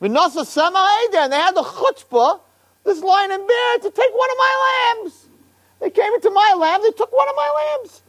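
Brief: a man playing a young shepherd, high and eager, earnest and gentle. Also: expressive, brisk, hardly any pauses, full character voice. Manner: innocent, earnest questioning.

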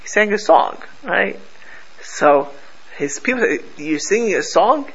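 A man's voice: high voice, lively intonation, measured pace, creaky, fairly bright tone, husky, dull audio. A man teaching a Torah class to a live group, telling stories animatedly and mixing Hebrew and Yiddish terms into his English.

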